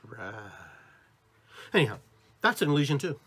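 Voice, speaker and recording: A husky-voiced man hosting a spiritual podcast, talking straight to his listeners. His pitch swings up and down as he hammers home each point through repetition. He sounds like a motivational talk. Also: sing-song, normal speed, fairly bright tone, no echo. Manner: emphatic and repetitive, addresses listeners directly; acts out different tones of voice as examples. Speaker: podcast host.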